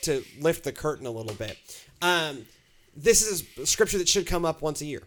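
A man's voice: fairly high pitch, a bit bright, a little hiss or hum. A man co-hosting a casual church discussion, talking through scripture with wry asides and lots of fillers. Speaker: pastor co-host.

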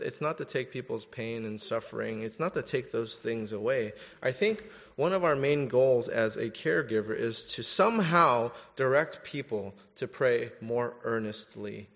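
A young adult man preaching a sermon, candid and animated as he tells personal stories, then direct as he exhorts his listeners. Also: mid-range voice, normal speed, creaky. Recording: dull recording in a reverberant hall.

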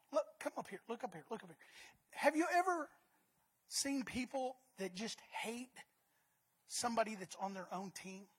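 A woman preaching a sermon, emphatic, repeating words and swinging between loud and soft. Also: on the high side, slightly rough.

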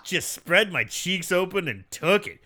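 Podcast co-host, male, high lively voice, unhurried teasing banter. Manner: teasing, laughing, crude jokes. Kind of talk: casual banter.

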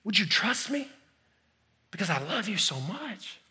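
A man voicing a loving divine voice, tender, pleading, reassuring, fairly high voice. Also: big pitch swings, a little slow, bright, forceful tone, long reverb tail, full character voice.

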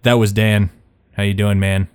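A man's voice: lowish voice, little pitch movement, moderate pace, smooth. A man hosting a tabletop role-play podcast, joking and rambling as he introduces the players. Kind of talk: casual chat.

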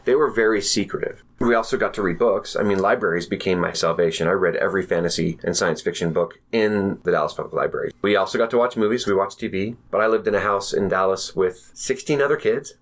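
A middle-aged American man, a podcast guest, calmly and reflectively telling his life story in an interview. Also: sits low, fast talker, hardly any pauses. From United States.

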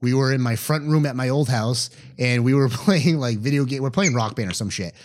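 A young man tells stories on a podcast with plenty of energy. He talks casually, acts out the voices of the people he quotes and swears freely. His voice sits at an ordinary middle pitch. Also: a little fast, darkish tone. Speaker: podcast co-host. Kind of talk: casual storytelling chat.

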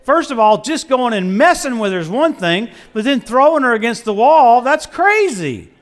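Animated high-voiced male preacher. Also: normal speed. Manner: animated, swings from loud exclamations to hushed asides. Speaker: visiting preacher. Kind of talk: storytelling sermon.

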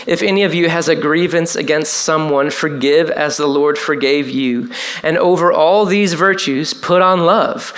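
Man, pastor, conversational sermon, animated asides. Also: high voice.

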